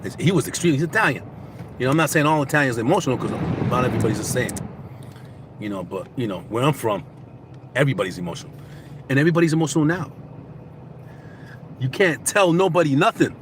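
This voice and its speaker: A man vlogging casually, giving motivational life advice in animated, repetitive storytelling. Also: mid-range voice, quick pace, long pauses, background noise.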